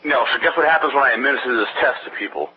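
Speaking very fast in a slightly rough, mid-range voice, a man sells his brain-training program during a phone-style interview. He rambles energetically, salesy, telling anecdotes where he quotes other people's voices. The audio is dull and lo-fi with faint hiss.

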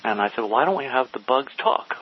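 A man spins a casual story in a middle-pitched voice and acts out the dialogue of each person in it. The recording is slightly dull and lo-fi, with a faint hiss underneath. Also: a little fast. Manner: animated, quotes people in dialogue. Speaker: storyteller guest.

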